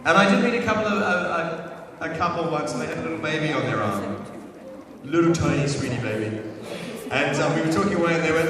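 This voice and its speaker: A man's voice: a little high, brisk, noisy background. Playful male actor in an echoey hall. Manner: playful, self-mocking, many restarts and fillers. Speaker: actor speaking to an audience. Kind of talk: casual anecdotes on stage. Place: large hall before an audience. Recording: echoey hall, far from the mic. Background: audience sounds.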